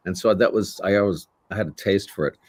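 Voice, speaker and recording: Older male voice actor, low voice, dry close sound, lively anecdotal storyteller. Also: fast talker, no room sound. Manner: animated storyteller who acts out voices. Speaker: voice actor guest. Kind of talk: casual interview storytelling.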